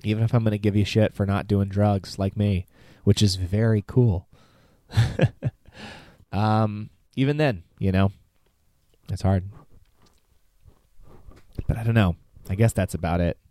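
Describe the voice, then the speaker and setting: A young man in his twenties giving a halting, heartfelt message to his father, near tears and cursing casually. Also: lowish voice, steady tone, warm tone, no room sound. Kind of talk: personal spoken message.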